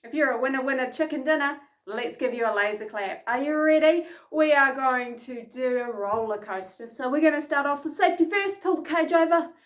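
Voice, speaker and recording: A woman leading an energetic children's lesson, chanting and calling out game sounds. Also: high-pitched, fairly quick, few pauses. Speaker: children's program instructor. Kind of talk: lively kids' lesson from home. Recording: echoey room.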